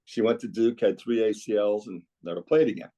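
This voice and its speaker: A man's voice: fairly low pitch, a little fast, mellow. Man reminiscing about coaching. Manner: rambling, reminiscing storyteller. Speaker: guest, former girls' club basketball coach. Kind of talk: casual podcast conversation.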